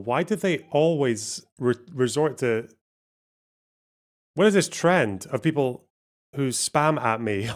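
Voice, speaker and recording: A male streamer giving casual, sarcastic commentary, rambling, laughing and swearing. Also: mid-range voice. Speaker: streamer host.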